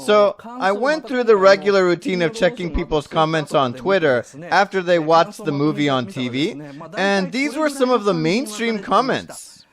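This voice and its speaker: A man's voice: sits high, lively intonation, moderate pace, crowd noise. A man delivering an online lecture in a chatty way, quizzing his audience and reading their comments aloud.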